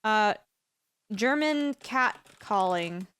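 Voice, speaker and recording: A woman's voice: medium pitch, expressive, drawn-out words, fairly bright tone, smooth, no echo. Playful woman streamer, dry close sound. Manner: playful, chatty, teasing the chat. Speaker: game streamer. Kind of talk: casual live-stream chat while gaming.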